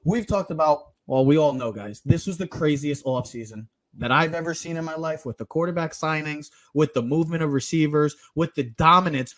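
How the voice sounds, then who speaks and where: A man hosting a sports podcast, teasing his co-hosts and announcing the rundown with energetic hype. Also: a little high, fairly quick, hardly any pauses, dry recording. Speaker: podcast host. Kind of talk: casual chat and show rundown.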